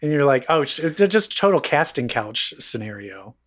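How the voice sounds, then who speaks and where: A man's voice: mid-range voice, big pitch swings, normal speed. A man co-hosting a comedy podcast with a dry, sardonic, swearing delivery. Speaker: podcast co-host. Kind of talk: casual comedy chat.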